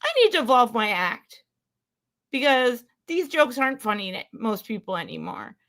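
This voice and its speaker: High bright woman on a podcast, opinionated, tells stories about her friends, pretty emphatic. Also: sing-song, normal speed. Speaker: podcast co-host. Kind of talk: casual chat.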